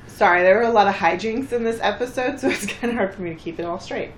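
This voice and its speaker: A woman's voice: fast talker, reverberant, slight background noise. A woman co-hosting a casual podcast, retelling a cartoon episode and acting out the characters' lines. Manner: chatty, acts out characters' lines with bursts of pitch. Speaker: podcast co-host recapping an episode. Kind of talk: casual chat.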